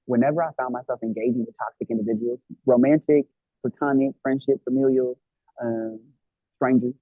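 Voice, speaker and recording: Husky man on a tinny line. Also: medium pitch, brisk, dry recording. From Los Angeles, United States. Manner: animated, acts out quoted inner dialogue. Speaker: guest. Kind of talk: casual conversation about self-love. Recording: tinny phone-like line, dry.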